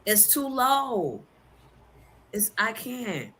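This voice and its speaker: A woman hosting a live morning stream, chatting casually and giving playful shoutouts to her viewers. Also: fairly high pitch, sing-song, extremely slow. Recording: music playing clearly behind.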